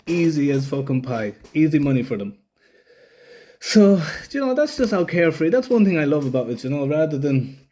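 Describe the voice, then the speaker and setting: A man's voice: medium pitch, dark tone. Man telling a rambling story. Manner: rambling, swears freely, acts out other people's lines. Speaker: vlogger. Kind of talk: casual storytelling.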